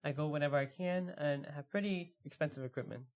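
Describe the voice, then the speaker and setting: A man co-hosting a podcast, chatting casually and reading stories aloud at a slow, relaxed pace with lots of fillers. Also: fairly high pitch. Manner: relaxed, filler-heavy, reads stories slowly. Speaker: podcast co-host.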